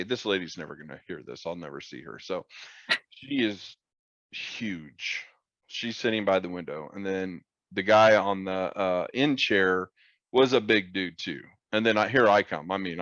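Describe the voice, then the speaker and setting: A man co-hosting a podcast, telling a long, profane story in a casual, animated way and acting out the people in it. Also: medium pitch, no room sound, lo-fi sound. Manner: profane, animated, acts out quoted voices. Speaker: podcast co-host.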